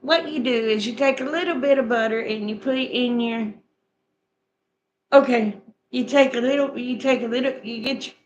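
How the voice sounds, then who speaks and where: A woman's voice: fairly high pitch, moderate pace, highs cut off. A middle-aged woman chatting casually with her viewers and walking them through a recipe in a homespun, repetitive way. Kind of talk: casual chat, recipe instructions.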